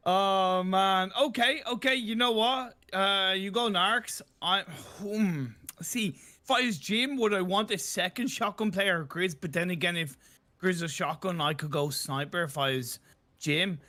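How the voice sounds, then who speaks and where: Brief: male esports co-caster, high and bright, playful live chat. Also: a little slow. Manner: playful, thinking aloud.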